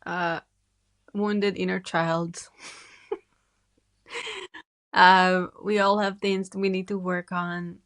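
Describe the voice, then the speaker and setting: A woman's voice: fairly low pitch, flat delivery, very slow, pauses often, a bit bright. A woman hosting a podcast interview, affirming her guest with short agreements and questions. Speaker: podcast host.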